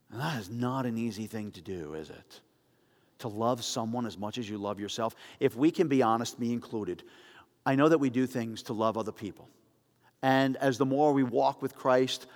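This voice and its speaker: A male pastor preaching in a casual, storytelling way with animated asides. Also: medium pitch, big-room sound. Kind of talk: sermon.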